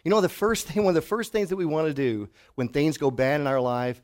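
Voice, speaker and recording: A middle-aged pastor preaching a sermon to his congregation, telling stories and dropping to a hush for emphasis. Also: on the high side, fairly quick. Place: church hall before a congregation.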